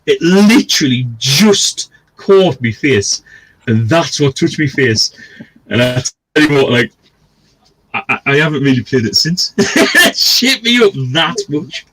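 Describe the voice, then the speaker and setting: A man's voice: fairly high pitch, sing-song, a little slow, pushed and bright, poor audio. A man, co-hosting a gaming stream and telling a long, sweary, rambling story in a casual way. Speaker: stream co-host.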